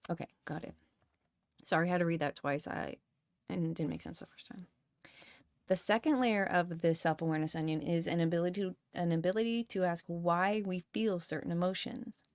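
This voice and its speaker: A woman's voice: on the low side, fairly quick, no room sound, clean studio sound. A woman reading a self-help book aloud and stopping often to comment and swear casually. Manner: reads, rereads and comments with swearing.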